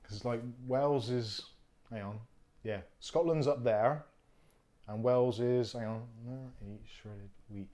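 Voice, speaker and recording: A man hosting a relaxed live stream in a loose, jokey way, thinking out loud as he unpacks things. His voice sits at an everyday middle pitch. He is blunt and opinionated in his asides. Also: slow. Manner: chatty, jokey, thinks aloud while unpacking. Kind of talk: casual live-stream chat.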